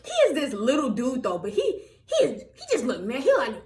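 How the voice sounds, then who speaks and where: A young woman telling a story to her viewers in a casual vlog, animated and laughing often. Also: high voice, a little fast. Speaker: vlogger.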